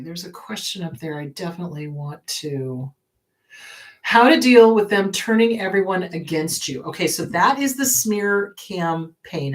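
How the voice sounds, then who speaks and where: Woman therapist-host, blunt and emphatic, hammers advice home; mid-pitched, mic a bit off. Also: distant mic. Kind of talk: live advice talk answering viewer questions.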